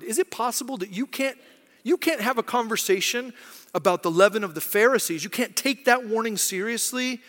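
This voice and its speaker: A man's voice: high-pitched, bright, forceful tone. A man preaching a conversational sermon as pastor, acting out quoted voices and often checking in with "right?". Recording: long hall reverb.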